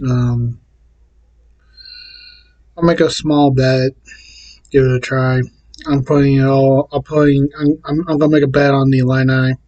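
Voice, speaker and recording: A man casually talking to camera and reading out his picks in a plain, repetitive way with halting restarts. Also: mid-range voice, little pitch movement, darkish tone, dull audio. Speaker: vlogger.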